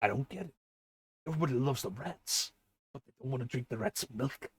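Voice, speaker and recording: His medium-pitched voice is husky and animated as he hosts a game stream. Chatting casually with crude jokes and swearing, he reads things aloud in a halting way.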